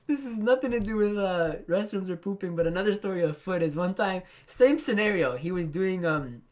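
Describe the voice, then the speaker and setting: A man's voice: high voice, lively intonation, brisk. A young man co-hosting a podcast, telling rambling, profane stories and laughing through them in casual chat. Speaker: podcast co-host.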